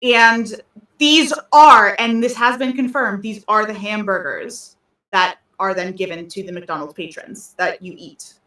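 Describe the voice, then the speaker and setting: A woman's voice: medium pitch, a little slow, bright, forceful tone, recorded from a distance. A woman co-hosting a casual podcast chat, rambling with many ums and restarts. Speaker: podcast co-host. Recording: roomy sound, voice off-mic.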